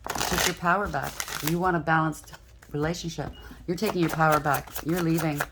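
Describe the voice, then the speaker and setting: A woman's voice: low-pitched, steady tone, a little fast, very noisy. A woman doing a collective tarot reading, talking bluntly and frankly, often checking in with "okay?". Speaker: tarot reader.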